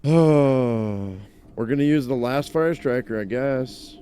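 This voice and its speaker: A man talks through a survival game as he plays, muttering plans to himself and joking with viewers. His voice is mellow and warm, sitting at an ordinary pitch. He breaks into playful exclamations when things go wrong. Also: slow, clear, resonant tone. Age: adult, owns a dog. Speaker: let's play gamer. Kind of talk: casual gameplay commentary.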